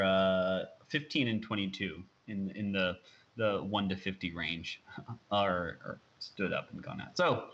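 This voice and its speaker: Low voice guy narrating a tabletop game, lots of likes and ums, some faint noise behind. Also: fairly bright tone, highs cut off. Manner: rambling narration full of fillers. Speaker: game master.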